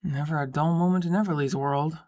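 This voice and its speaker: A woman's voice: low voice, fairly even intonation, brisk, mellow, pitched below the performer's own voice, lightly acted. A woman voicing a laid-back, teasing young man in an audiobook. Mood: playful. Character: easygoing young man, playful, helpful boyfriend.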